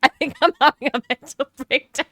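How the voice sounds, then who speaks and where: A woman's voice: high-pitched, steady tone, a little fast, fairly bright tone, dry recording. A woman streaming a roleplay game as an HR rep, giggling helplessly and teary from laughing. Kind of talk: live-streamed roleplay chat.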